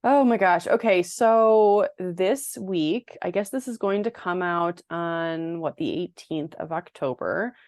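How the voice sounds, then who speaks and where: A woman's voice: lowish voice, slow pace, few pauses, darkish tone, dry recording, studio quality. A woman co-hosting a podcast over a video call, chatting casually and laughing often. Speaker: podcast co-host. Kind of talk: casual chat.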